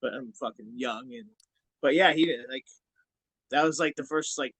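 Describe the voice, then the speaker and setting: A man's voice: mid-range voice, moderate pace, a bit bright, husky, no echo, poor audio. Profane, rambling man telling stories. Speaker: podcast guest, former wrestler. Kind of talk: casual storytelling.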